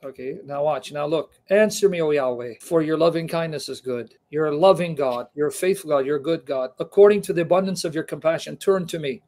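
A man's voice: on the high side, fairly quick, few pauses, a little mellow. A man hosting a conversation who reads scripture passages aloud with emphasis and breaks off to ask his guest questions. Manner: fervent, emphatic reading aloud; checks in with questions. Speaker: host. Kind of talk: scripture reading with commentary in conversation.

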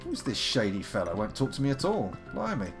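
A man's voice: mid-range voice, huge pitch swings, fairly quick, music in the background. Wry man streaming a game. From United Kingdom. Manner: chatty, wry, reads characters aloud in silly voices. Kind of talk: casual let's-play commentary.

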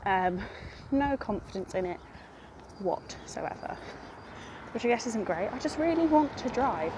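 A woman's voice: a little high, noisy background. Chatty young woman vlogging. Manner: chatty, rambling, self-deprecating. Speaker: book vlogger. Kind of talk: casual vlog chat.

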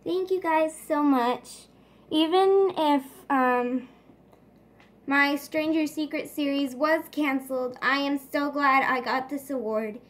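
A woman's voice: sits high, slow pace. A woman voicing an eager, grateful toy pet actor. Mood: glad. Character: cheerful toy pet actor with a cancelled series.

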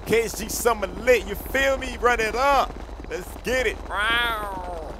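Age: adult. Sex: man. Style: hyped, slangy gaming roleplay banter as a gang leader. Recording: loud music behind the voice. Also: high-pitched, measured pace, noisy background. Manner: hyped, trash-talking, slangy.

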